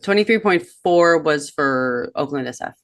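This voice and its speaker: A woman's voice: sits low, lively intonation, moderate pace, no room sound, studio quality. A woman in her thirties co-hosting a podcast in casual chat, reflective and reading from old notes with many fillers. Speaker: podcast co-host.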